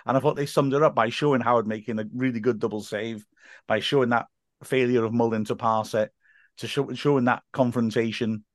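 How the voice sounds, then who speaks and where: A man's voice: mid-range voice, fairly even intonation, fairly quick, no room sound. Commentator guy rambling through stories on a podcast, dry close sound. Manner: chatty storyteller with many restarts. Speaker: football commentator and guest. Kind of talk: casual podcast chat.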